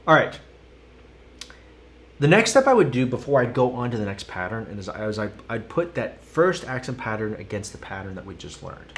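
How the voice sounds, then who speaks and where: A man gives a live-streamed drum lesson at a moderate pace, his mid-range voice swinging widely in pitch. As he demonstrates, he sings out the counts and stickings in a sing-song way between explanations, while a loud instrument and a metronome play behind him.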